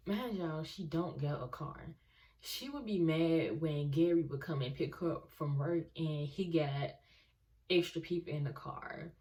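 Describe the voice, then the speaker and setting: Woman, low voice, casual storytime, animated, talks to viewers. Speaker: vlogger.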